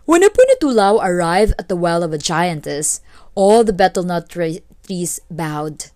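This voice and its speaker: A woman narrating a folk tale in a steady, clear read-aloud manner. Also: lowish voice, normal speed, dry recording. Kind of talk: storytelling narration.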